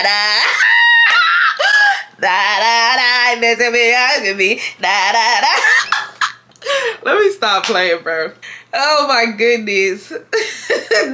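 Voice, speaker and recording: A woman in her twenties from Houston, Texas, reading a viewer's story aloud on her vlog and joking about it. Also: mid-range voice. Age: 20s. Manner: animated and playful, laughing and joking between parts. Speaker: YouTuber.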